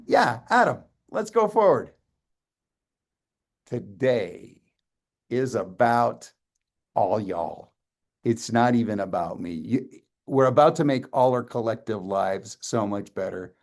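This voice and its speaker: A man giving a loose, folksy, sentimental presentation on a live video call from his home office, talking the audience through slides. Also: medium pitch. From Canada. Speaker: company presenter.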